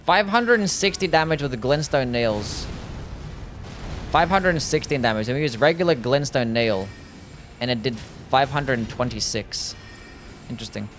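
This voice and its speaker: A man's voice: mid-range voice, animated, normal speed, a bit bright, soft background music. A man casually streaming a game live, chatting and answering his viewers in a laid-back way.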